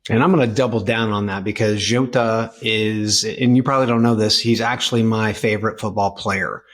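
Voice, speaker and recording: A man's voice: lowish voice, fairly even intonation, brisk. A man co-hosting a podcast, chatting casually with many fillers and restarts. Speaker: podcast co-host. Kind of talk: casual chat.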